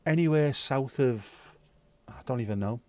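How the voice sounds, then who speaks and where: A man's voice: medium pitch, moderate pace, darkish tone, no room sound. Rambling man chatting on a livestream. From Wales. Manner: rambling, swears freely, muses aloud. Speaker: livestream host. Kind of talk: casual chat with viewers.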